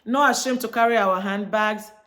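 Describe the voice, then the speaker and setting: Speaking directly to her audience, this vlogger from Chicago, United States, chats her way through a story and acts out each person's lines. She has a medium-pitched, fairly bright voice and keeps a moderate pace.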